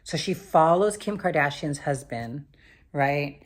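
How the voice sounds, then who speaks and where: A young woman with a notably low voice talks through a TV episode recap. Her delivery is loose and rambling, heavy on slang and filler words, like chatting with a friend. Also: lively intonation, takes it slowly. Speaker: TV show recap vlogger. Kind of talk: casual spoken show recap.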